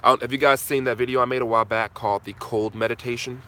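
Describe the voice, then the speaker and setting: A man's voice: mid-range voice, steady tone, quick pace, fairly bright tone. A man hosting a live viewer Q&A, giving an impassioned motivational talk with casual asides. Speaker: channel host answering viewers.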